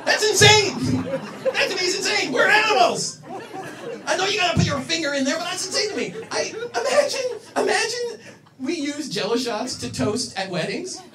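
A Canadian man doing a stand-up set, animated and self-mocking, with loud punchlines. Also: very high voice, normal speed, a loud crowd. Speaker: stand-up comedian. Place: comedy club stage with audience. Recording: roomy club sound from a distance. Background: audience laughter.

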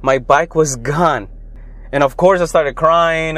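A young adult man from Los Angeles, hosting his own podcast and telling childhood stories in a loose, rambling way that gets animated when he quotes people. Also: a little high, slow. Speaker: podcast host. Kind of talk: casual solo storytelling.

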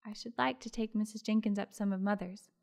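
A woman reading the part of a gentle, shy young mother, soft and earnest. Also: medium pitch, fairly even intonation, a little fast, gravelly, close to an everyday voice. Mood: tender.

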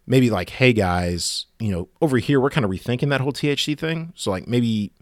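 A man's voice: medium pitch, expressive, a little fast, no echo, studio quality. A man delivering a sarcastic, exasperated rant in a monologue. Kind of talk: ranting monologue.

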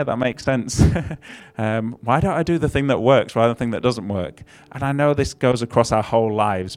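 Male preacher, chatty sermon with dry humour, mid-range voice, faint music behind. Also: mid-range voice. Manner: conversational, self-deprecating, with wry asides.

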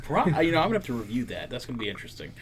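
A man's voice: mid-range voice, sing-song, very fast, breathy edge. A man on a podcast making dry, jokey asides in casual chat. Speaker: podcast co-host.

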